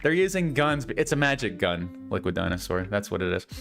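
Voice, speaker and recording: A man's voice: on the low side, big pitch swings, brisk, vocal fry, fairly bright tone, faint music behind. A man giving a comedic dramatic reading of a bad story, with incredulous, mocking asides. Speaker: reader.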